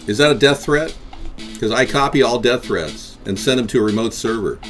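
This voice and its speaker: A man's voice: mid-range voice, moderate pace, a bit bright, faint music behind. A man hosting a live interactive talk stream, rambling and combative as he answers chat.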